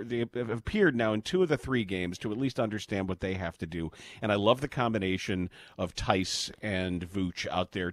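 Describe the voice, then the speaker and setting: A man's voice: lowish voice, no room sound. A man hosting a sports talk show, chatting casually with bursts of mock outrage. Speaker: sports radio host.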